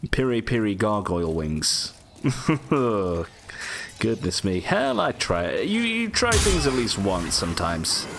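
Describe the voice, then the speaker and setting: A man's voice: fairly low pitch, big pitch swings, takes it slowly, creaky, noisy background. A man giving casual, rambling gameplay commentary full of jokey asides.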